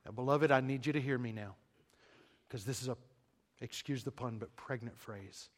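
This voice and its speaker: Speaking at medium pitch, a pastor preaches and refers to the congregation as "beloved," asking one rhetorical question after another. He moves between loud emphasis and hushed, near-whispered moments, with long, dramatic pauses.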